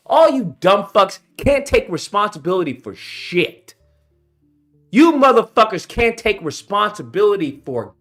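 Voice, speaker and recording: Man, fiery profane rant, high voice, big swings in pitch, faint music behind. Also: a bit bright. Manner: profane, confrontational, heated. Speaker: channel host. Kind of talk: ranting commentary to camera.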